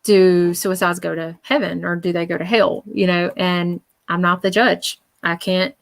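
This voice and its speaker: A woman's voice: lowish voice, normal speed, creaky. A woman working as a psychic medium in a live-stream reading, speaking earnestly and often emotionally. She relays messages in quoted speech and keeps checking in with "okay?". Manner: animated, emotional.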